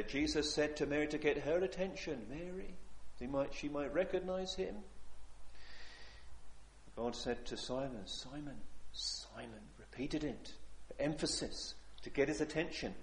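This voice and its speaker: An earnest man preaching, pleading with his listeners and repeating phrases to press them home. His voice sits a little higher than most men's. The sound is roomy and echoey, as in a church hall. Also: slight background noise. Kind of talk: sermon.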